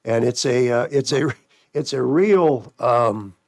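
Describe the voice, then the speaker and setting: A man hosting a call-in radio show on money, talking fast and spelling things out for callers. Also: mid-range voice, no room sound, studio quality. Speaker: radio show host, financial planner.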